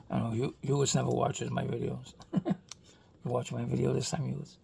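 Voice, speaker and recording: Gravelly Boston-accented man rambling. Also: mid-range voice, flat delivery, normal speed, warm tone, a little hiss or hum. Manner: rambling, chatty, frequent "you know what I mean". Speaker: toy car customizer vlogger. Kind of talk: casual rambling vlog chat.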